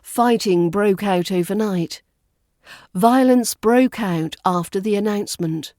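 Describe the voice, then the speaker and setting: Slow, calm British woman coaching. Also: mid-range voice, no echo, clean studio sound. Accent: Southern British RP. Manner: calm, precise, with slow model words. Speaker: accent coach. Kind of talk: pronunciation lesson.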